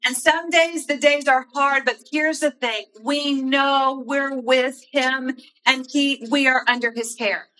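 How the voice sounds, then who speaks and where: A woman giving a devotional talk in an earnest, personal storytelling way with soft asides. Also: high voice, fairly even intonation, takes it slowly, poor audio. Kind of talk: sermon.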